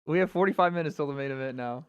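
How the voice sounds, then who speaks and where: A man's voice: on the high side, rapid-fire, clear, resonant tone, lo-fi sound. A man hosting a casual livestream watch party, chatting and reacting to viewer comments. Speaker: livestream host.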